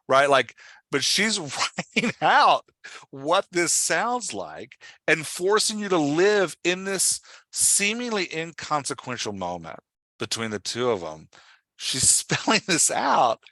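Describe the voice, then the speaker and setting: A man hosting a podcast, explaining with excited, fast-flowing talk in a casual discussion. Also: on the high side, no room sound. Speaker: podcast host.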